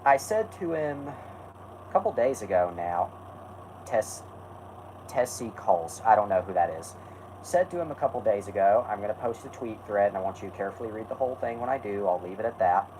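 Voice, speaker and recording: A man's voice: lowish voice, lively intonation, fairly quick, a little mellow, slight background noise, poor audio. A man hosting a casual stream, rambling and correcting himself while answering chat. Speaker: host.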